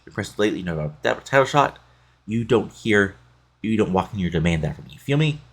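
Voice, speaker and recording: Man reading as slangy wrestling boss, laid-back, deep voice, raspy. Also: lively intonation, fast. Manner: laid-back, slangy, read aloud plainly. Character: smooth-talking male wrestling authority figure.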